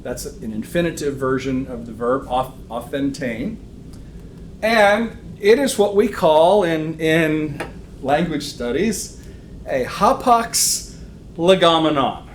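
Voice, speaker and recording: A man's voice: a little high, lively intonation, slow. A man teaching a church Bible lesson to a live class. He speaks conversationally, says "um" often and keeps checking in with "okay?". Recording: roomy echo, faint room noise.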